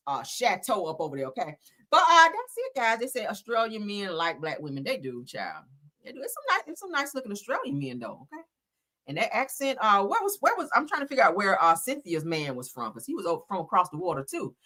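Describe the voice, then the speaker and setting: Reading celebrity stories to her chat, this livestream host is sassy, chatty, and quick to laugh. Her mid-range voice comes across pushed and bright.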